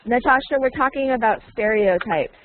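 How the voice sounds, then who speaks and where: A woman's voice: on the high side, normal speed. A woman teaching an online English lesson to a small group, patiently repeating and modeling phrases and laughing often. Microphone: computer mic on a video call. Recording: tinny online call line.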